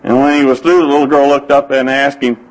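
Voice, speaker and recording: A man's voice: mid-range voice, little pitch movement, fast, rough recording. A man preaching a sermon, telling folksy stories and quoting scripture. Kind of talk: sermon with anecdotes.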